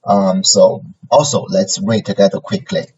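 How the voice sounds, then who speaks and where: Slow, patient male language teacher. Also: lowish voice, little pitch movement, darkish tone, slight background noise. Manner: slow and patient, with many fillers and tag questions. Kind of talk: classroom lesson reviewing pinyin. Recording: dull, lo-fi classroom recording.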